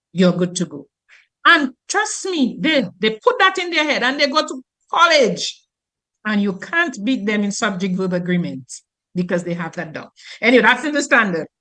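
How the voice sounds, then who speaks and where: A woman teacher from Dominica, explaining grammar on the radio in an animated, teacherly way. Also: high voice.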